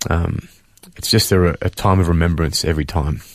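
A man speaking earnestly in a radio studio interview, halting with fillers as he gives a heartfelt testimony and reads a letter to his mother. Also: low voice, steady tone, no room sound. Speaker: interview guest, son of the guest. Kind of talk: emotional testimony, reading a letter aloud.

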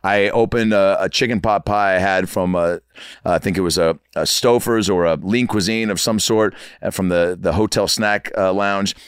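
A man in his thirties telling comic stories as a podcast guest, animated and acting out the people in them. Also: sits low, moderate pace, clear, resonant tone, no room sound, studio quality. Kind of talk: comic storytelling. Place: podcast studio.

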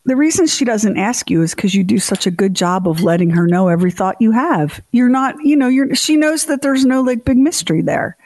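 A woman co-hosting a radio show, telling stories in a lively, teasing way with mock voices. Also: fairly high pitch, a little fast, hardly any pauses, dry recording. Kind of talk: casual radio chat.

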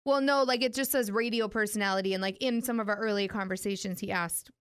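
A woman's voice: medium pitch, fairly even intonation, fast talker, clean tone. A young adult woman and radio host, chatting casually and telling a story, giggly as she reads out messages. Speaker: radio personality and podcast co-host. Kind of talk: casual chat.

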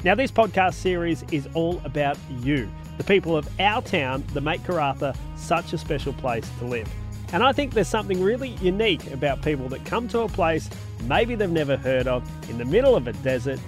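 Male podcast host, upbeat presenter, clear music bed behind. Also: a little high, very animated, fairly quick. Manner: friendly, upbeat presenter with scripted intro. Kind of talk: podcast interview.

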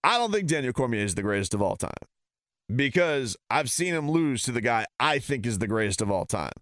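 A man's voice: medium pitch, big pitch swings, fairly quick, fairly bright tone, no room sound, studio quality. A man ranting heatedly and sarcastically as a sports talk host.

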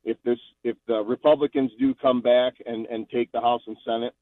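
A man's voice: medium pitch, steady tone, brisk, no room sound. A man calling in to a radio show, ranting angrily and sarcastically with repeated phrases. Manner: angry, sarcastic, repetitive. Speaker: caller. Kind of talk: call-in radio rant. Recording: tinny phone line.

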